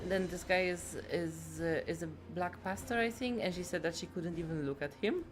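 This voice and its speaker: A woman's voice: lowish voice, moderate pace. A woman game streamer chatting casually, rambling and swearing freely. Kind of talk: casual chat.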